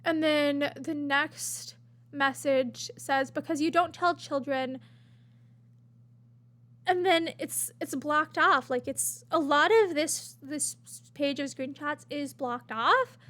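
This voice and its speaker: A woman with a high, slightly bright voice talks slowly as she reads out message screenshots and comments on them. She's chatty, full of fillers, with bursts of gushing, recorded on a webcam-style desk mic.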